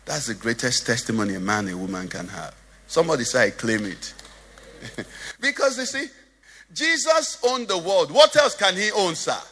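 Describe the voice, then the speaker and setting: Lively, husky preaching man in a church hall. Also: on the high side, normal speed. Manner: preaching with a sing-song lilt, asking the congregation questions. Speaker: pastor. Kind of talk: sermon.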